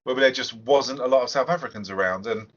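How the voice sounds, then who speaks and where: A man's voice: medium pitch, quick pace, a bit bright. A man hosting a casual film review podcast, talking in a chatty, hesitant way. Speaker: podcast host. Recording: lo-fi podcast audio.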